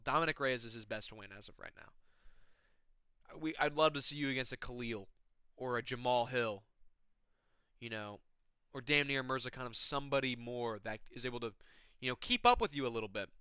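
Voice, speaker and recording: A man ranting casually with excitement and heavy profanity, giving his fight predictions as the host of a mixed martial arts channel. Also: mid-range voice, clear, resonant tone, no echo. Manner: excitable, profane, slangy fan talk.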